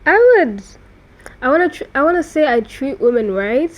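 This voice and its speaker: A woman's voice: high-pitched, animated, normal speed. A young woman as a guest in a casual chat, hesitant and thinking aloud.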